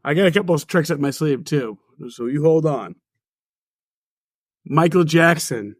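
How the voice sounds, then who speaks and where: A man's voice: on the high side, animated, a little slow, dry recording, studio quality. A man co-hosting a podcast, running an impression game and laughing often. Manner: laughs a lot, playful game-show judging. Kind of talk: casual chat.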